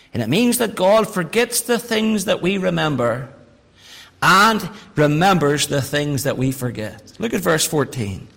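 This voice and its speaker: A high-voiced middle-aged man delivers a sermon, mixing folksy jokes with quiet asides. He rises to emphatic, raised calls when driving a point home. His voice rings with the long reverb of a large hall. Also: very animated, measured pace, creaky. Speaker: preacher.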